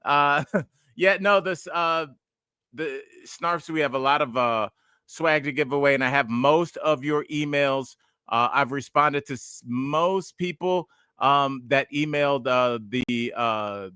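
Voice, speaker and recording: A man's voice: mid-range voice, bright, forceful tone, clear, resonant tone, dry recording, studio quality. A man in his forties, a podcast host and stand-up comedian, chatting casually and telling rambling, digressive stories.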